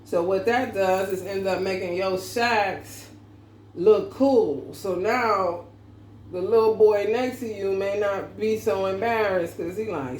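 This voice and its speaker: Slow, laughing slangy woman reader. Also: mid-range voice, a little mellow. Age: adult parent. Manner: slangy, laughing, loose and profane. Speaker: tarot reader. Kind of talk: casual tarot reading monologue. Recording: echoey room with faint background noise.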